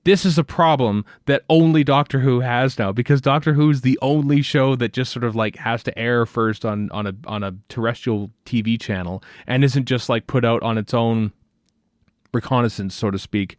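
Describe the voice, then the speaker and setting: A man's voice: medium pitch, normal speed, no room sound, studio quality. A man hosting a podcast in casual chat, talking in a rambling way with many restarts and fillers. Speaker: podcast host.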